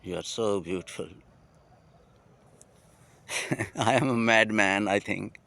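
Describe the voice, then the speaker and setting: A man with a Pakistani English accent speaking a heartfelt, poetic monologue outdoors at night, slowly and with pauses. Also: fairly low pitch, vocal fry, fairly bright tone. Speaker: vlogger.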